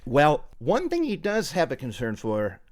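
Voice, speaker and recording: A man co-hosting a podcast in casual chat, retelling events with sarcastic, animated commentary. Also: mid-range voice, unhurried. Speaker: podcast co-host.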